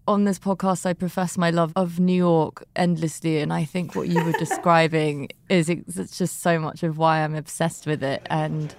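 A woman's voice: deep voice, level tone, moderate pace, few pauses, a crowd in the background. A woman hosting a podcast interview, talking in an enthusiastic, chatty way. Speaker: podcast host. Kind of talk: conversational interview.

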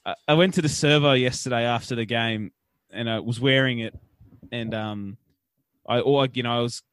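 A man's voice: mid-range voice, normal speed, fairly bright tone, smooth, no echo. Sweary man in dry-sounding casual chat. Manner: rambling, sweary storytelling. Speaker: podcast co-host.

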